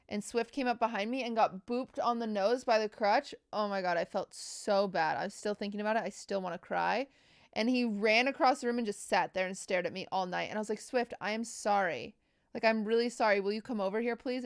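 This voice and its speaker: Gravelly-voiced woman streamer, dry and close. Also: mid-range voice, fairly quick, no room sound. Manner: playful, joking, thanks chat subscribers. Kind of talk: casual live-stream chat.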